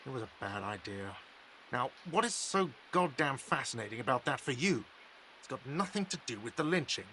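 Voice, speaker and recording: A man's voice: medium pitch, very animated, moderate pace, pushed and bright, a little hiss or hum. A man voicing an irritable, weary cafe manager in a video game, curt and defensive. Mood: grumbling.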